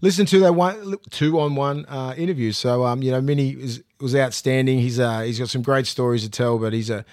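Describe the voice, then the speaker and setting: Australian man, podcast co-host, casual chat, swearing, laughing, lively storytelling. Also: medium pitch, a little fast, few pauses. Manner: swears freely, laughs a lot, animated storytelling. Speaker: podcast co-host, former rugby league player.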